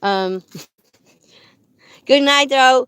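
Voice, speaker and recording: Woman rambling on a phone livestream from her car, higher voice, dry close sound. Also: smooth, dry recording. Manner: rambling, halting, many fillers and restarts; talks to her dogs in a soft, cooing voice. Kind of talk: casual live-stream chat. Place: parked car on public land.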